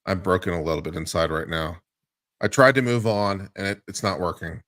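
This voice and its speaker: A man co-hosting a casual livestream, talking in a subdued, halting way. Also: low-pitched, fairly bright tone, no room sound, studio quality. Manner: subdued, halting, restarts words. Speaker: livestream co-host.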